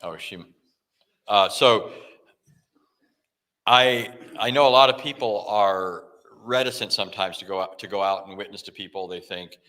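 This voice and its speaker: A man's voice: low voice, normal speed, sharp tone. A man giving a talk on apologetics, telling a story and acting out the dialogue with frequent restarts. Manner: frequent self-corrections and restarts. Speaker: Christian apologetics speaker.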